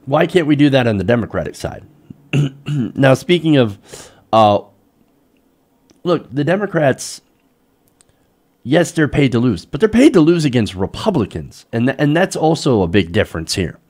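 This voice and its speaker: A young man delivers fired-up political commentary. He is sarcastic and exasperated, and his voice jumps up and down in pitch as he talks. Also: big pitch swings, moderate pace, long pauses, darkish tone. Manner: heated, sarcastic, mocks politicians in put-on voices.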